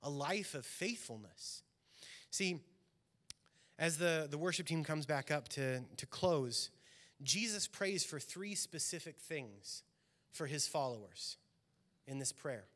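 Male pastor, slightly high voice, earnest sermon delivery that swells and drops. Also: expressive, takes it slowly, a bit bright. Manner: earnest, swelling emphasis on key lines. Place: church sanctuary.

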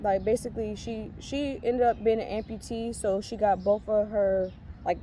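Earnest pregnant young woman, mellow voice. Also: medium pitch, steady tone, moderate pace, slight background noise. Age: young adult. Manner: rambling, earnest, many fillers and restarts. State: heavily pregnant. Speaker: faith vlogger. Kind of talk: casual testimony vlog.

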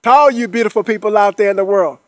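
A man with a high, light voice delivers a cheerful pep talk straight to his listeners. He repeats himself in a coaxing rhythm, keeps checking that they are with him, and laughs playfully between points. The recording is close and dry, with no room sound. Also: fast, dry recording. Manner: repetitive and coaxing, checks in with the listener after nearly every phrase. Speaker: motivational speaker. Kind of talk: upbeat motivational monologue.

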